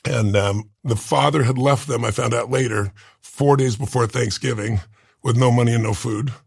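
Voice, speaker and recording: Gravelly, husky man in his sixties. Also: medium pitch, fairly even intonation, moderate pace, no echo, studio quality. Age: 60s. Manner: earnest, heartfelt, tearful at times. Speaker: interview guest. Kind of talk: emotional storytelling.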